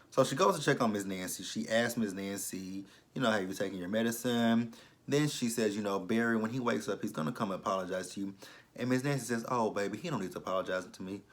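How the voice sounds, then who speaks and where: A man's voice: lowish voice, a bit bright. A man giving a casual, blunt and profane recap of a TV episode, exasperated with the characters. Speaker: TV show reviewer.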